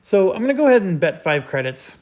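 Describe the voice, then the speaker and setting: A man's voice: high-pitched, very animated, fast talker, a little mellow. A man hosting a board game playthrough, explaining each move step by step with frequent fillers. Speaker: host.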